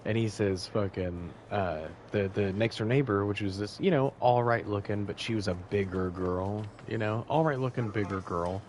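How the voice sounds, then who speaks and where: Brief: man, lowish voice, profane rambling storyteller, faint hiss behind. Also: moderate pace, hardly any pauses, a little mellow. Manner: rambling, profane, loses his thread. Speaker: podcast co-host. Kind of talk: casual storytelling.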